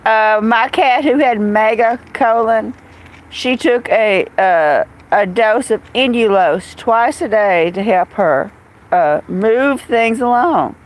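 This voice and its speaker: Slow, chatty woman with a higher voice. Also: low-quality recording. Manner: chatty, rambling, blunt. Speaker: live-stream host reading chat. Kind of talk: casual live-stream chat.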